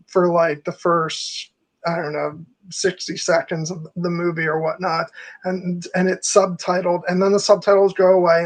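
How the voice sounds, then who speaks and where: A man's voice: high voice, rough recording. A man co-hosting a casual film discussion podcast, rambling along and laughing often. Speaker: podcast co-host.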